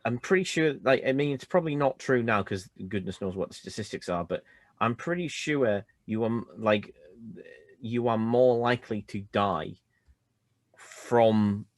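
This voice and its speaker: A man co-hosting a casual chat about films, thoughtful and measured as he picks apart scenes. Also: medium pitch, no echo. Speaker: podcast co-host.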